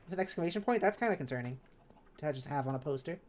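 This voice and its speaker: A woman's voice: sits low, animated, rapid-fire, a little mellow, slight background noise. A woman streamer in casual live chat while gaming, reading viewers' messages aloud and answering them kindly. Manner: chatty and self-correcting, with laughs.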